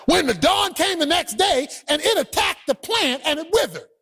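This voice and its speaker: A man preaching an animated, colloquial sermon who acts out the scripture and often breaks into shouts. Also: very high-pitched, moderate pace.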